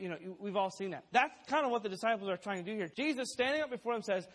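A man's voice: sits high, expressive, rapid-fire, hardly any pauses, a bit bright. A man preaching a sermon in an emphatic way, laying out numbered points and quoting scripture aloud.

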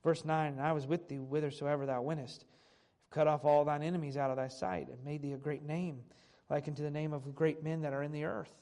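Higher-voiced male preacher. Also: steady tone, a little fast, gravelly, dark tone. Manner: reads old scripture aloud then restates it in plain everyday speech. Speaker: pastor. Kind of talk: sermon with scripture reading.

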